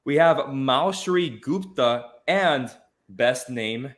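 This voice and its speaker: Unhurried man hosting a film podcast. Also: medium pitch. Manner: animated, repeats phrases for emphasis. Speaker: podcast host. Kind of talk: casual chat.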